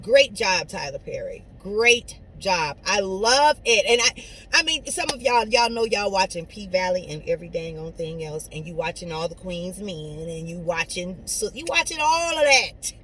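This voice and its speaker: A woman giving an inspirational talk straight to her viewers, preachy and conversational, swinging between soft asides and loud emphatic lines. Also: on the low side, animated, moderate pace, slight background noise, poor audio. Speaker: motivational speaker. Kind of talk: inspirational monologue to camera.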